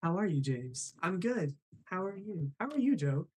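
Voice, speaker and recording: A man's voice: sits high, big pitch swings, moderate pace, a little hiss or hum. A young man hosting a casual live stream, laughing often and reading chat messages aloud. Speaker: host of a live show.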